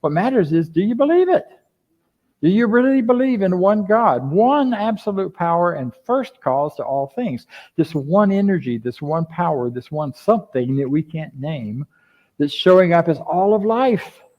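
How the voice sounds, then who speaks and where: An older man preaching a conversational sermon as a minister, lively and full of rhetorical questions to his congregation. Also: high-pitched, normal speed. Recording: dull lo-fi sound.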